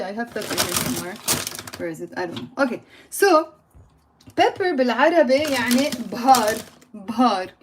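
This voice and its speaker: A woman's voice: fairly high pitch, darkish tone. A woman with a Lebanese accent teaching Arabic words on a live stream, playful, laughing and chatting with viewers. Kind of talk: live-streamed language lesson. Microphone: phone or computer mic on a livestream.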